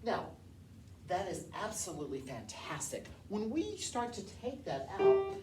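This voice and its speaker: A woman's voice: medium pitch, huge pitch swings, unhurried, dark tone. A woman music teacher leading a eurhythmics class, encouraging her students and chanting counts and syllables. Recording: distant mic with piano playing.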